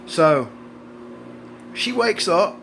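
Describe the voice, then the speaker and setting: A man's voice: high-pitched, very animated, extremely slow, background noise. A man, telling a story in a casual, profane, folksy way. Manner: folksy, profane, drawling with repeated "buddy" and "man".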